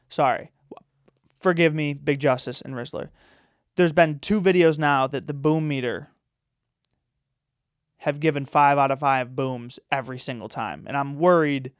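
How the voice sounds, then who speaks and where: A male podcast host rambles through a casual chat, voicing strong opinions and stuffing his speech with "like" and "you know." His medium-pitched voice is clear and resonant at a moderate pace, recorded with studio quality and no echo.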